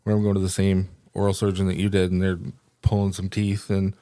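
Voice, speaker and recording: A man's voice: deep voice, monotone, brisk, dark tone, no echo, studio quality. A man co-hosting a podcast with a slight lisp, chatting in an upbeat way and laughing often. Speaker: podcast co-host. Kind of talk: casual chat.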